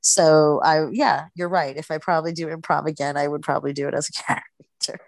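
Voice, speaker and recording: A woman chatting casually as a podcast guest, animated and laughing often, restarting her sentences as she goes. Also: sits low, a little fast, vocal fry, dry recording. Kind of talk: casual chat.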